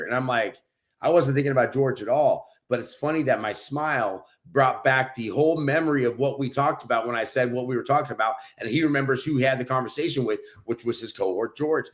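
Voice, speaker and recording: A man co-hosting a podcast and telling stories in a loud, brash, profane way. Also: medium pitch, fairly quick. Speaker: podcast co-host. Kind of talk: casual chat, storytelling.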